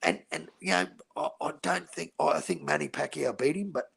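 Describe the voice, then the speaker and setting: A man's voice: a little high, moderate pace, vocal fry, a bit bright, breathy edge. A man with an Australian accent, talking boxing in a blunt, profane casual chat and calling everyone mate. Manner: blunt, crude and profane, says "mate" a lot. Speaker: podcast host.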